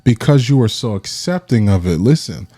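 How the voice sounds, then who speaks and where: A man, telling an animated personal story on a podcast and addressing listeners directly. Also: mid-range voice, moderate pace, dry recording. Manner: animated, acts out friends' voices in quotes. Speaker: podcast host. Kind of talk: casual storytelling chat.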